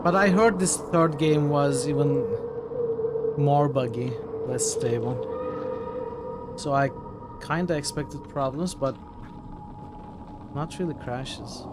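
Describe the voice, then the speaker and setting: A man's voice: a little high, slow, pauses often, noisy background. A man streaming a video game, making wry, joking asides as he plays. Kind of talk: casual game commentary.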